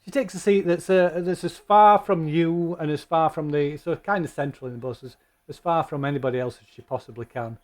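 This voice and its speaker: A man running a tabletop game as game master, narrating in a rambling, halting way. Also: a little high.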